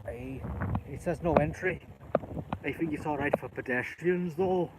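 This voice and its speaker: High-voiced man in a put-on Irish accent. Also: unhurried. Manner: rambling, chatty, jokey. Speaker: vlogger. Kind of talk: walking vlog. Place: outdoors on hilly streets. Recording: loud wind noise outdoors.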